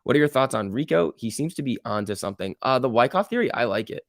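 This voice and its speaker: A man hosting a live stock trading stream, reacting excitedly to price moves and chatting casually with viewers. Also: medium pitch, fast talker, no echo, studio quality. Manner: excitable, exclaiming at price moves, reading chat aloud. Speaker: stock trading livestream host.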